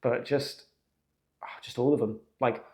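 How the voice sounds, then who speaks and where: A young man, hosting a podcast and telling a story in a casual, animated, slangy way. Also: medium pitch, measured pace. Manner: animated, slangy, jumps into acted quotes. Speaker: podcast host.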